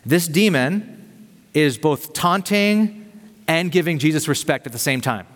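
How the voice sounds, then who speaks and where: Pastor guy preaching, chatty and lively, voice a bit high, lots of hall echo. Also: unhurried. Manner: energetic, conversational, uses casual slang. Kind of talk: sermon. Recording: long reverb of a large hall.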